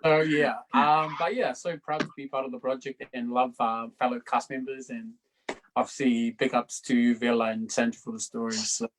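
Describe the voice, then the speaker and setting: A man with a New Zealand accent talks about his role in a relaxed, easygoing way. His voice is medium in pitch, and he speaks on a video call. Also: moderate pace, crowd noise, poor audio. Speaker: actor on a cast panel. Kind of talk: casual introduction on a video call.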